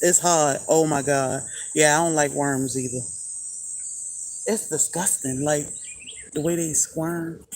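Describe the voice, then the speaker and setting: Slow-talking woman chatting live. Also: low voice, background noise. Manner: chatty, laughing, answers viewer comments. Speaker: homesteader hosting a livestream. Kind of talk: casual live chat.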